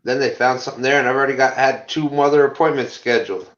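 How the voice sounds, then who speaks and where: A man's voice: mid-range voice, steady tone, quick pace, a bit bright. Man, from upstate New York, casual chat, chatty, laughing, slightly dull audio. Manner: chatty, laughs while telling stories.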